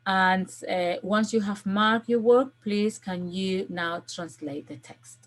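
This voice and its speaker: A woman's voice: mid-range voice, takes it slowly. A woman language teacher recording a video lesson, giving patient step-by-step instructions and often checking in with "okay?". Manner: gives step-by-step classroom instructions.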